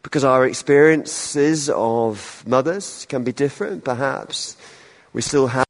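A man's voice: mid-range voice, unhurried, long reverb tail. Conversational male minister preaching. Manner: self-deprecating humor, conversational asides. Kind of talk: sermon. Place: church.

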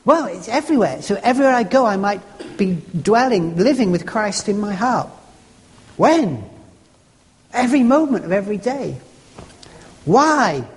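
Brief: preacher, homely musing delivery, slow verse readings with shifting stress, animated pitch, large reverberant hall. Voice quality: homely, conversational, musing aloud with restarts. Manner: rereads a verse slowly, stressing a new word each time. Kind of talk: devotional teaching talk.

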